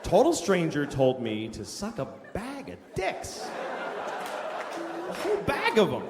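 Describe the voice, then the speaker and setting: A man's voice: sits high, huge pitch swings, unhurried, over music, a crowd in the background. A man doing a live stand-up routine, telling a crude story in a sardonic way and acting out the people in it. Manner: sardonic storytelling, crude jokes, acts out quotes. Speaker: stand-up comedian. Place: live comedy stage before an audience. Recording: reverberant hall with loud audience.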